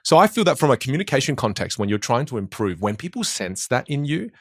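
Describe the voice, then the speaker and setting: Fast, animated man coaching on communication. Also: mid-range voice, no room sound, clean studio sound. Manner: animated, acts out quoted voices. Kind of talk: podcast conversation.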